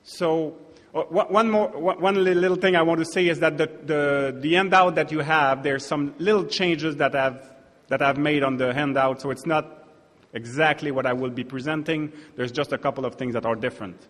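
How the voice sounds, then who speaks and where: A man's voice: fairly high pitch, steady tone, moderate pace, fairly bright tone. A man with a French-Canadian accent giving an academic conference lecture, often restarting his sentences. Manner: hesitant, many restarts and fillers. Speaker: keynote speaker. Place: large lecture hall. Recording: echoey hall, long reverb.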